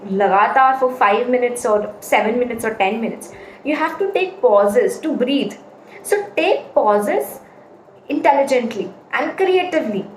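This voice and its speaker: A woman giving a casual spoken lesson on public speaking, stressing her points with repeated examples. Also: sits high. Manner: explains with repeated examples, emphatic. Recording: echoey room, faint ambient noise.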